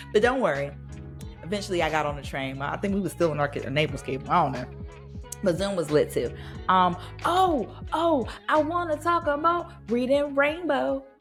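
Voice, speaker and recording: A woman in her thirties hosting a podcast, chatting casually and laughing, often slipping into playful voices. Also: lowish voice. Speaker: podcast host. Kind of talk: casual nostalgic podcast chat.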